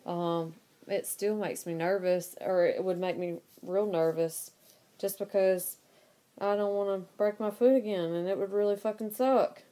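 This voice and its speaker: A woman's voice: medium pitch, fairly even intonation, measured pace, warm tone. A woman in casual chat as co-host, laughing often and swearing casually.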